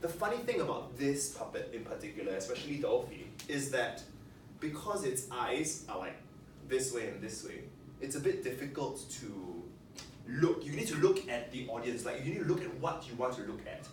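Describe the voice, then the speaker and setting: Facilitator leading a hands-on workshop, coaxing, keeps asking the group questions; mid pitch, distant mic in an echoey hall. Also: sing-song, moderate pace, slight background noise. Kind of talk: teaching a workshop. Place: large room with a group of participants. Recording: echoey room, picked up from a distance.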